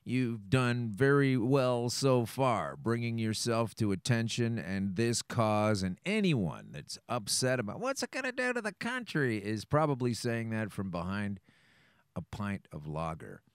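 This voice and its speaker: A man's voice: on the low side, a little slow, clear, resonant tone, no room sound, clean studio sound. A man hosting a podcast, talking bluntly and casually, introducing a clip and commenting on it. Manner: blunt, swears, lively intonation. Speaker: podcast host.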